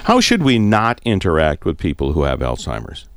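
A man hosting a public radio interview show, talking in a relaxed conversational way with occasional fillers. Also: very deep voice, moderate pace, no room sound. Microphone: studio microphone.

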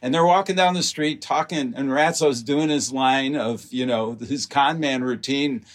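A man's voice: medium pitch, measured pace. A man, a guest in an interview, telling detailed behind-the-scenes stories about making a film, with frequent fillers. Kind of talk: interview storytelling.

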